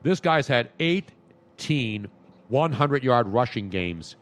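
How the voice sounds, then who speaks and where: A man's voice: medium pitch, expressive, takes it slowly. A man hosting a sports talk radio show, telling long rambling stories and laughing as he talks. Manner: rambling storyteller, laughs while talking.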